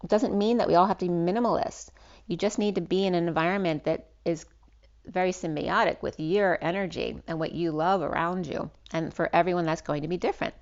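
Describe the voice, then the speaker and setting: A woman's voice: fairly low pitch, steady tone, a little fast, dull audio. A woman giving a spiritual tarot reading as the channel's host. She talks in a rambling way and often restarts her words. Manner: rambling, with frequent restarts and ums. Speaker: tarot reader.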